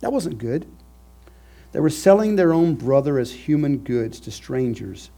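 A man preaching a sermon, emphatic and repetitive, swinging between loud declarations and hushed phrases, with a husky voice. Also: medium pitch, lively intonation, measured pace.

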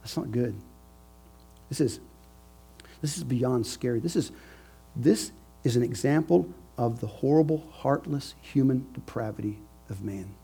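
Brief: husky male preacher, mellow tone, repeats lines for effect, soft music under him. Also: mid-range voice, unhurried, long pauses. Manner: emphatic, repeats key phrases, swings from loud to hushed. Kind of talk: sermon.

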